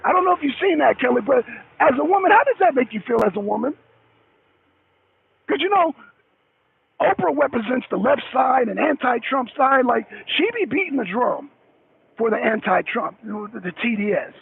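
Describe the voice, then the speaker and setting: A man's voice: extremely high pitch, sing-song, moderate pace, gravelly, slightly rough. A man hosting a casual livestream talk show, rambling and calling out chat viewers by name as he repeats himself. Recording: tinny phone-like audio with faint noise.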